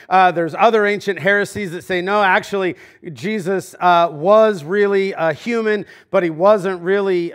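High-voiced man preaching casually. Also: a bit bright, smooth. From Los Angeles. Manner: casual and conversational, with frequent fillers and asides. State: preaching with a swollen knee in a brace. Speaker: pastor. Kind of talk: sermon.

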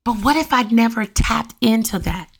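Middle-aged woman doing a solo podcast on a usb mic, kinda gravelly and breathy, preachy and fired up. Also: a little high, normal speed. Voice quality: raspy at times. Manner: animated, preachy, keeps calling out to listeners. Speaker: podcast host. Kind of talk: casual solo podcast monologue. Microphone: USB condenser mic.

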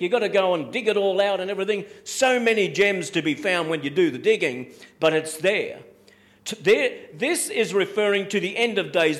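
A man preaching with a fairly high voice. He presses his points hard, repeats key phrases and slows right down when he quotes scripture. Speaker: pastor. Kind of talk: sermon.

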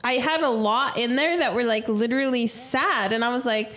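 A young woman with a fairly high voice joins the podcast banter. She is teasing and blunt, and quick to poke fun at her co-host. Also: fairly bright tone. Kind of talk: casual chat.

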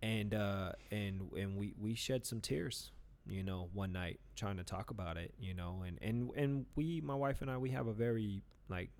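A man's voice: lowish voice, normal speed, hardly any pauses, a little mellow. A man in casual podcast talk, rambling with lots of restarts and fillers. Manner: burps mid-talk. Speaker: podcast co-host. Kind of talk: casual chat.

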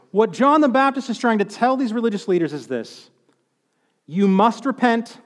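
Male preacher, high voice, chatty sermon with wry asides; long hall reverb. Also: lively intonation, normal speed. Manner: conversational, with joking asides.

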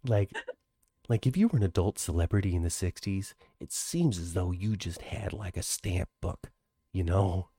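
A man's voice: deep voice, moderate pace, dark tone, breathy edge. A man co-hosting a podcast over a video call, chatting casually and laughing often. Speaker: podcast co-host. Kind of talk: casual chat. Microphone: home computer mic, video call.

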